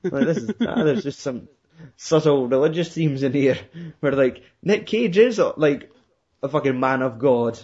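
A man's voice: mid-range voice, expressive, normal speed, darkish tone, breathy edge. A man chatting casually about a film, rambling and swearing, laughing often and acting out quotes. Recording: muffled lo-fi recording.

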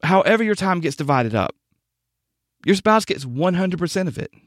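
A man giving a scripted Bible-based talk on marriage, measured and emphatic, slowing down to stress key words. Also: high voice, lively intonation, dry recording, clean studio sound. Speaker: marriage teacher.

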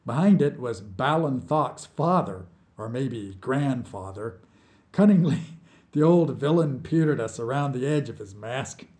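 A man reading his own short story aloud as scripted narration, with slow, deliberate storytelling. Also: mid-range voice, expressive, a little mellow.

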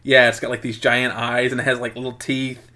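A man's voice: mid-range voice, flat delivery, fairly quick, pushed and bright. A man casually retelling a film's plot as a podcast co-host, rambling with plenty of fillers. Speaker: podcast co-host reviewing a film. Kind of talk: casual chat.

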